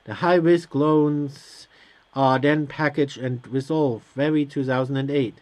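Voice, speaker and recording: A man's voice: mid-range voice, steady tone, a little slow, a little mellow. A man hosting a let's play, reading on-screen game text aloud and answering it with hesitant, sarcastic asides. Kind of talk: casual gameplay commentary.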